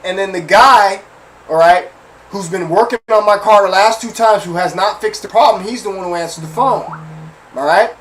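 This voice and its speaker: High-voiced male host, casual storyteller, chatty and slangy with listeners. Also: moderate pace, fairly bright tone, poor audio.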